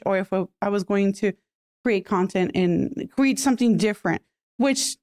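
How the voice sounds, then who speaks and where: A woman from Puerto Rico talking casually as a podcast guest, chatty and quick to laugh. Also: medium pitch, a little mellow, clear, resonant tone, no echo, studio quality. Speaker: podcast guest, bilingual content creator. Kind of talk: casual interview chat.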